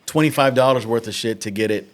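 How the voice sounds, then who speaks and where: A man's voice: medium pitch, fast. A man co-hosting a podcast, joking bluntly and swearing. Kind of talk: casual chat.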